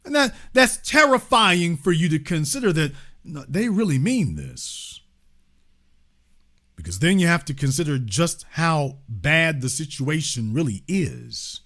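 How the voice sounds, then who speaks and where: Male host, bright forceful tone, emphatic, repeats himself, swings loud to quiet. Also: a little high, sing-song, unhurried. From Louisiana. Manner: emphatic, repetitive, swings between loud and hushed. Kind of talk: impassioned political commentary.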